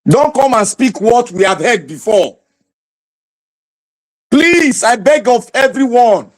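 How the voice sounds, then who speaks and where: A man's voice: extremely high pitch, expressive, takes it slowly. A Nigerian man hosting impassioned political commentary, preaching and exhorting his viewers with a fiery, repetitive delivery.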